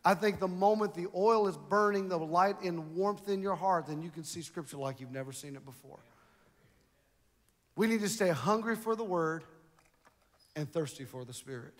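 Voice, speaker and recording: A man's voice: high voice, normal speed, long reverb tail. A man preaching a sermon as pastor, building emphasis and repeating phrases for the congregation. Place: large church hall.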